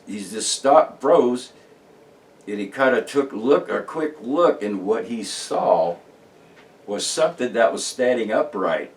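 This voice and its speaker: A man's voice: lowish voice, recorded from a distance. A man talking casually about his paranormal research, rambling and emphatic, with many restarts and fillers. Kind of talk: casual monologue to camera.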